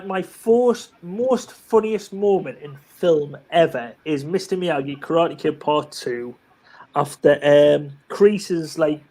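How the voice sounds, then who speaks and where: Chatty high-voiced man telling stories. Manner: chatty, animated storyteller with many restarts. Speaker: live chat participant. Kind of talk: casual chat.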